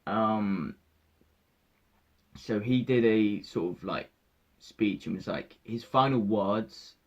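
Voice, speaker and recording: A young man recounting a film in excited casual talk, swearing freely and acting out his own reactions. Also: on the low side, slow, lo-fi sound. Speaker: vlogger reviewing a film.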